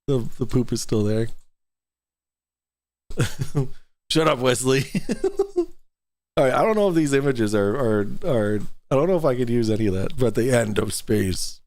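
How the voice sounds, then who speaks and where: A mid-pitched man runs a livestream show in a dry, close sound. He swears freely and laughs as he reads out donations in loose, casual chat. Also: very animated, a little slow, pauses often, darkish tone, dry recording. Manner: profane, laughing, reading donations. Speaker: podcast host.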